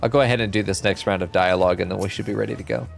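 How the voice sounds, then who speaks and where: A man casually chatting while streaming a game, relaxed and chatty, with occasional swearing. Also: lowish voice, racing, creaky, faint music behind. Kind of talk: casual let's-play chat.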